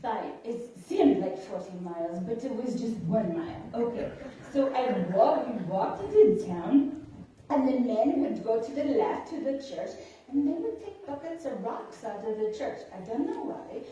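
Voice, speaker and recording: A woman's voice: fairly high pitch, expressive, a little slow, dark tone. A woman telling a comic tall tale in a church skit, cooing to a puppy in baby talk between boasts. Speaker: church member performing a skit. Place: church hall. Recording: echoey church hall, distant mic.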